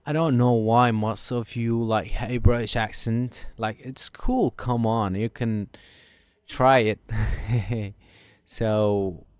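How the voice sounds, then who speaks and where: A man's voice: on the low side, fairly even intonation, takes it slowly, clear, resonant tone, no room sound. A man hosting a casual interview, chatty and peppering his questions with fillers. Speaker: host.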